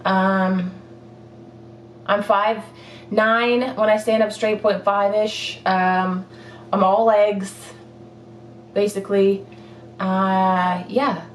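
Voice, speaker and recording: A young woman with a fitness vlog takes viewer questions in a relaxed, rambling chat sprinkled with small laughs and fillers. Her medium-pitched voice is flat, with drawn-out words and long pauses, recorded at a distance in an echoey room with a little hiss or hum.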